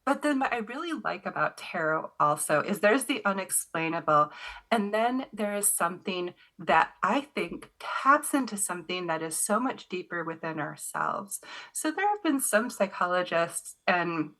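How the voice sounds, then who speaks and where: A woman guest in a casual interview, talking about tarot reading in an animated storytelling way, full of "you know" fillers. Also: fairly low pitch, normal speed.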